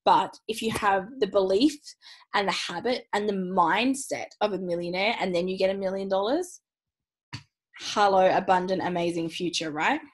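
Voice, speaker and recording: A woman coaching other mums on an online call, giving a chatty sales pitch for her program, bubbly, swearing freely and laughing often. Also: moderate pace, low-quality recording. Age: young adult. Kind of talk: live webinar sales pitch.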